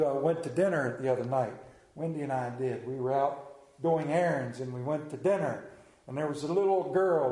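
A man preaches with a high, mellow voice, telling stories and playing out the quoted voices in them. The room around him is echoey. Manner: lively, acts out quoted voices. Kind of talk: sermon storytelling.

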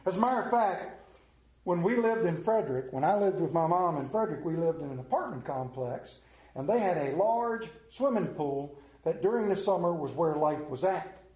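A middle-aged male pastor preaching a sermon, telling the story with lively acted-out scenes and sudden drops to a hush. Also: normal speed. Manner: animated storytelling, acts out scenes with big pitch swings. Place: room with a congregation. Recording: echoey room.

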